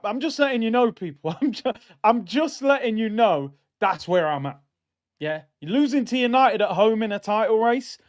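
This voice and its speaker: Brief: young streamer, high voice, exasperated banter, slightly dull lo-fi mic. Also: male voice. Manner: animated, exasperated banter with chat. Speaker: football watchalong streamer. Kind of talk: casual live-stream chat.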